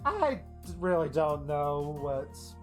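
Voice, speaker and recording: A streamer reading a visual novel aloud as narrator, with expressive, exasperated asides. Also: medium pitch, takes it slowly, soft background music.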